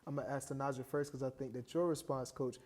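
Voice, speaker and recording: A man interviewing guests, asking questions in a relaxed, conversational way. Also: mid-range voice, quick pace.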